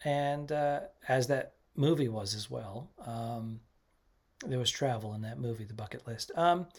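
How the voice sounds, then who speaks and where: A man's voice: medium pitch, measured pace. A male stand-up comedian co-hosting a podcast, chatting casually and laughing often.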